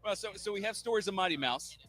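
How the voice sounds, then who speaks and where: A man's voice: sits high, animated, sharp tone. A man hosting a casual live-stream interview, asking questions and giving encouraging affirmations. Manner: quick, encouraging, frequent affirmations. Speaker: livestream interviewer.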